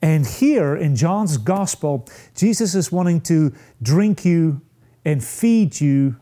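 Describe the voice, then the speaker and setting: A man preaching a sermon, slow and emphatic, with dramatic pauses and rising peaks. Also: fairly high pitch, animated, mellow.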